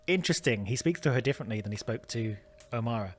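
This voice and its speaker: An English man thinking out loud as he plays a mystery game, his pitch moving a lot. He muses and jokes at his own expense in a loose, chatty way. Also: lively intonation, quick pace, soft background music. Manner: musing aloud, self-deprecating. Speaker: let's play host. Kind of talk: casual gameplay commentary.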